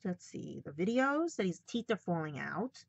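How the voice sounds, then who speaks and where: A woman's voice: lowish voice, big pitch swings, normal speed, vocal fry, husky, no echo. A woman ranting confrontationally in a personal vlog, repeatedly calling out her viewers as "guys.". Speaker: vlogger. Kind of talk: angry personal vlog rant. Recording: dull lo-fi dry sound.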